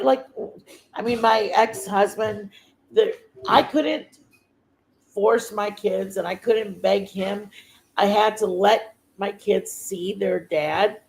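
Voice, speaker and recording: A woman's voice: medium pitch, gravelly, darkish tone, poor audio. Rambling, earnest middle-aged woman. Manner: rambling, searching for words, restarting sentences; earnest and heartfelt. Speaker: livestream host. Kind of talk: casual chat.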